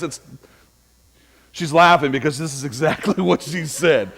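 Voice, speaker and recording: A man with a fairly high voice delivers a relaxed church sermon. He talks to the congregation like friends and tells stories from home. He acts out both sides of each exchange as he goes. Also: measured pace, creaky, long pauses. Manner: conversational preaching with humorous anecdotes, acting out dialogue. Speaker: pastor.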